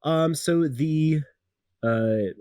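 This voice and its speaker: A young man narrating as dungeon master in a casual, relaxed way with many fillers. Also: on the high side, very slow, no room sound, clean studio sound. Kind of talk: casual podcast game narration.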